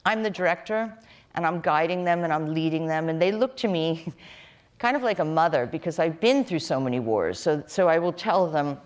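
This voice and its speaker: Low-voiced woman, earnest panel speaker. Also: lively intonation, a little mellow. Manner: earnest, measured, with fillers and restarts. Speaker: panel guest, human rights director. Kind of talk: live panel discussion.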